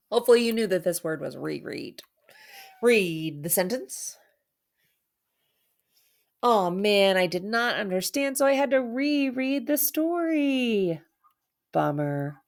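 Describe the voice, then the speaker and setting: A woman's voice: mid-range voice, lively intonation, slow pace, pauses often. A woman teacher giving an online reading lesson for children, playful and theatrical, with dramatic mock sadness.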